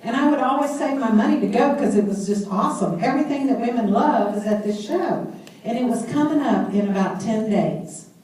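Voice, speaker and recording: A woman's voice: fairly high pitch, fairly quick, recorded from a distance. Woman telling her story in an echoey hall. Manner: animated storyteller who laughs at herself. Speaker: speaker sharing her story. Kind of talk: personal testimony speech.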